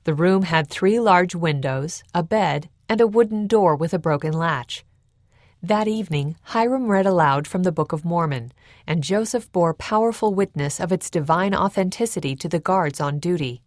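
Measured woman narrating history. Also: on the low side, no echo, clean studio sound. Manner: measured, even storytelling.

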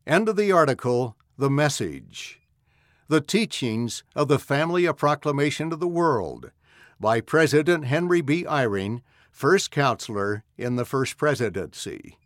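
A man reading a church address aloud in a measured, solemn manner, close on a studio mic. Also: mid-range voice, big pitch swings, no room sound. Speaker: audio magazine reader. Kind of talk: scripted narration of a church address.

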